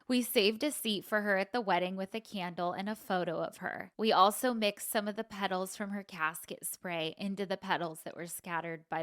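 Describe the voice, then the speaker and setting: A woman's voice: mid-range voice, fairly bright tone, no echo, studio quality. A woman co-hosting a podcast, chatting candidly and reading out a listener email, laughing easily. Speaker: podcast co-host.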